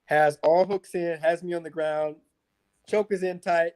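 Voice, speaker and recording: A man's voice: on the high side, measured pace. A man with a slightly raised voice, a mixed martial arts fighter recounting his bouts. He talks casually and animatedly, swears freely, and scatters "like" through his sentences. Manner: animated, profane, lots of filler likes. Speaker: MMA fighter guest. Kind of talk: casual interview storytelling.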